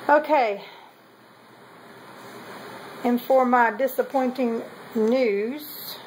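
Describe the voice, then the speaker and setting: A woman with a somewhat high voice, chatting her way through a casual show-and-tell. She meanders and corrects herself often, with a faint noise in the background. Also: very slow, darkish tone, rough recording. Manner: chatty, meandering, with many ums and self-corrections. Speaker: potter showing kiln results.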